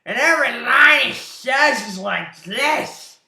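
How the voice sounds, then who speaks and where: A man mocking an over-the-top male comic actor who talks loudly through clenched teeth. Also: very high voice, animated, takes it slowly, gravelly, pitched above the performer's own voice, exaggerated voice. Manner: loud, brash, overblown. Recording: roomy echo.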